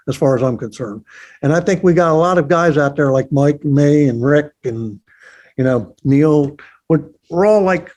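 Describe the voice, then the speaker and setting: A man's voice: on the high side, a little mellow. A man, a target setter, chatting casually and thinking aloud, often repeating words. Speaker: target setter, podcast guest. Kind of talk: casual conversation.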